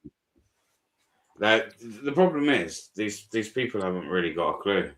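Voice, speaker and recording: A British man telling a story in casual live chat, animated and swearing a lot as he recounts it. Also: fairly low pitch, measured pace. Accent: British English. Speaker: auditor streamer. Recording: roomy echo.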